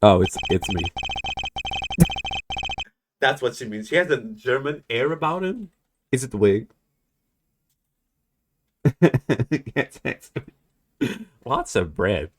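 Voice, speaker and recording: A man's voice: mid-range voice, big pitch swings, slow pace, long pauses, slight background noise. A man streaming a game, making campy jokes and giggling as he chats. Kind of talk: casual game commentary. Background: game music.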